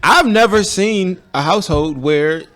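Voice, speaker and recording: A man co-hosting a podcast, reasoning his points aloud in an expressive way in casual chat. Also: high voice, unhurried. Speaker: podcast co-host.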